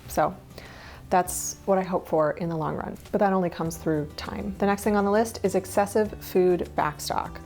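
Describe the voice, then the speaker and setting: Faint music plays behind a woman in her thirties whose voice is fairly low and darkish, with fairly even intonation at a normal speed. In her casual vlog she talks candidly about minimalist habits, adding small laughs and asides.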